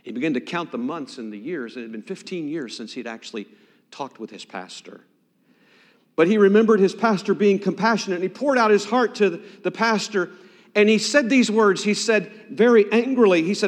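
A pastor preaches a sermon, his high voice moving a little fast as he swings dramatically from loud emphasis to hushed near-whispers. The recording carries long hall reverb.

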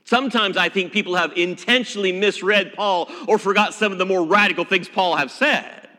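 A man preaching a sermon as pastor, emphatic and expressive, dropping at times to a hushed voice. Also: high voice, brisk, long reverb tail. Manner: expressive, emphatic preaching with dramatic drops to a hush.

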